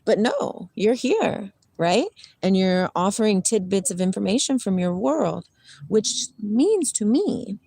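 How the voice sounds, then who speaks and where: Middle-aged woman livestream host from Washington, rambling and playful by a river, slow and sing-song. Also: mid-range voice, big pitch swings, vocal fry, dark tone, husky, dry recording. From Washington state, USA. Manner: rambling, playful, drifts between chat and singing. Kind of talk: casual livestream chat with viewers. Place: outdoors by a river.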